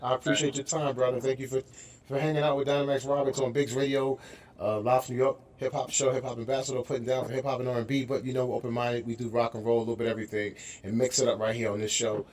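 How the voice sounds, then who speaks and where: A man's voice: medium pitch, flat delivery, fast, a little mellow, a little hiss or hum. A man hosting a radio show, chatting casually and animatedly with his guest, laughing and mimicking voices. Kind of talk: casual interview chat.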